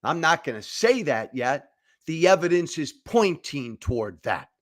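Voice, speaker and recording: A man's voice: a little high, very animated, unhurried. A middle-aged man hosting a political commentary show, speaking emphatically, with repeated phrases and stammered restarts. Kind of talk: direct-to-camera political commentary.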